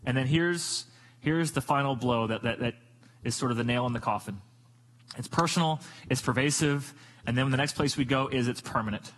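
A man's voice: mid-range voice, normal speed, a bit bright, rough recording. A man preaching a sermon as a pastor, emphatic and repetitive, asking rhetorical questions.

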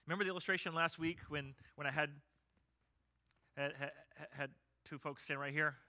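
Bright-voiced preacher man. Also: fairly high pitch, moderate pace, no room sound. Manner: animated storytelling, drops to soft prayer. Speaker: pastor. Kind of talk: sermon.

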